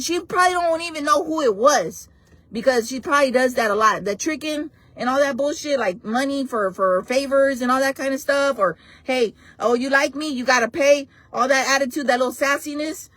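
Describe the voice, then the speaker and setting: Sassy high-voiced woman live-streaming. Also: fairly quick, pushed and bright, no room sound. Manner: sassy, blunt, calls viewers "friends" and "baby". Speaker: host of a local gossip news live stream. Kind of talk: casual live-stream chat.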